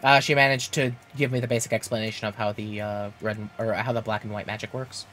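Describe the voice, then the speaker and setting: A man streaming an online game, chatting casually and haltingly with his co-player. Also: fairly low pitch, steady tone, a bit bright, faint music behind. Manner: laid-back, halting, with frequent fillers. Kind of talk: casual chat while gaming.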